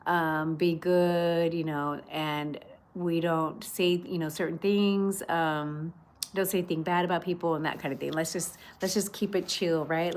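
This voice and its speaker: A woman hosting a casual livestream from her patio, chatting and reading viewer comments aloud. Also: fairly low pitch. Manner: chatty, warm greetings, many fillers. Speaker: livestream host. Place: outdoor patio at home.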